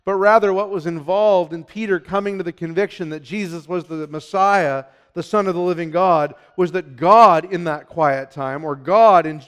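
A male pastor delivering a sermon with a fairly high voice. He is emphatic, dropping to quiet, low phrases and then building to loud, urgent declarations. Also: clean tone. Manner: emphatic, swings from hushed to loud.

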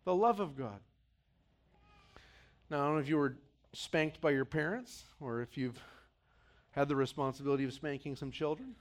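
A middle-aged male pastor preaching a sermon, acting out voices and swinging between loud outbursts and quiet, low passages. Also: moderate pace, pauses often.

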